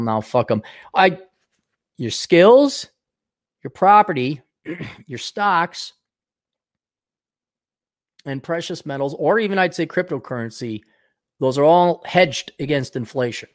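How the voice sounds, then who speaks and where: A man's voice: medium pitch, no room sound, clean studio sound. A man hosting his own talk show, ranting sarcastically and profanely, rambling with frequent restarts. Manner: sarcastic, profane, mocking voices. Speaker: podcast host.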